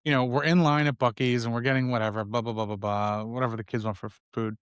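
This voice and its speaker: A middle-aged man co-hosting a casual podcast, telling a story with lively acted-out voices. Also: mid-range voice, fast talker, smooth, no echo, clean studio sound. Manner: animated storyteller, acts out his kids' voices. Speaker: podcast co-host.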